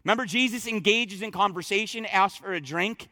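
A man preaches a sermon with a high, bright voice. He talks emphatically, doubling words and restarting phrases as he drives each point home. The sound is close and dry. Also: fairly quick, no echo. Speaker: pastor.

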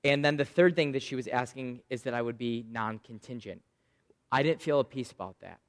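A man in his thirties preaching a sermon, telling a personal story with loud bursts and quiet asides. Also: medium pitch, brisk, big-room sound. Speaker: pastor.

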